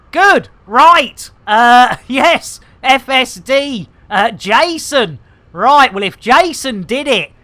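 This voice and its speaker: A woman's voice: on the high side, fairly bright tone. A woman streaming a space game live, rambling through bawdy jokes and banter. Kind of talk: casual live gameplay commentary.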